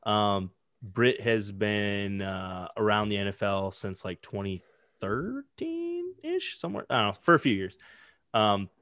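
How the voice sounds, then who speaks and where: Low-voiced, rambling casual man. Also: normal speed, fairly bright tone, clear, resonant tone, dry recording, clean studio sound. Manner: rambling, hesitant, many fillers. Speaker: podcast co-host. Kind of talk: casual sports chat.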